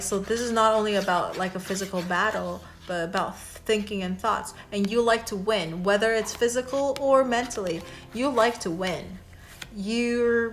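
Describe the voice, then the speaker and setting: A woman from Asia with a medium-pitched voice gives a casual tarot reading. She's chatty and warm with her advice, using lots of fillers, restarts, and "right?" tag questions.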